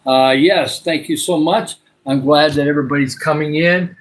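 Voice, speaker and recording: A man's voice: on the high side, moderate pace, rough recording. An older man with a Michigan accent, chatting casually with viewers on his livestream, rambling along with lots of uhs. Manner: rambling, many filler uhs. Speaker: livestream host. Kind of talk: casual live chat with viewers.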